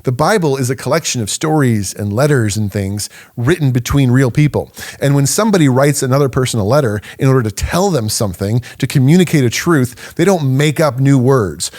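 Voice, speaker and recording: A man's voice: mid-range voice, a little mellow. Emphatic man teaching casually. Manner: emphatic, conversational, laughs often. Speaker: podcast host.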